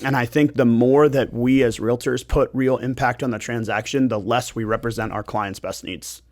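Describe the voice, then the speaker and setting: A man's voice: mid-range voice, normal speed. A man who hosts a podcast as a realtor, talking in a loose, rambling, joking way in a studio. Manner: animated, rambling, jokey. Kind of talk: casual podcast chat.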